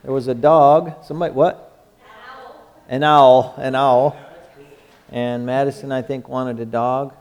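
A man's voice: mid-range voice, flat delivery, a little slow, pauses often, a little mellow, smooth, muffled recording. A male pastor giving a folksy, conversational sermon, joking and often restarting his sentences.

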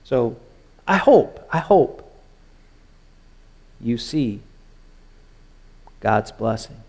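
A man preaching a sermon, moving between hushed, soft lines and raised, urgent pleading. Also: medium pitch, expressive, drawn-out words. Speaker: pastor.

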